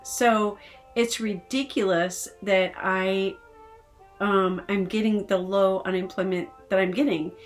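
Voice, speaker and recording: A woman talks straight to camera in a casual personal vlog, venting her frustration. She rambles and hesitates often, circling back as she speaks, in a voice of ordinary pitch. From Texas. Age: adult with decades of work history. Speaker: vlogger.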